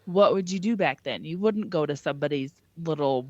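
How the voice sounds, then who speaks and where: A woman's voice: deep voice, fairly quick, no echo, dull audio. A woman co-hosting a podcast, chatting casually about a movie and laughing often. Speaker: podcast co-host.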